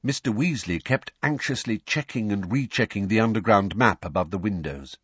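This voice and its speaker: Deep husky man reading a story. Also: moderate pace, no echo, muffled recording. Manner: expressive, even-paced storytelling. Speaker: audiobook narrator. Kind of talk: scripted narration.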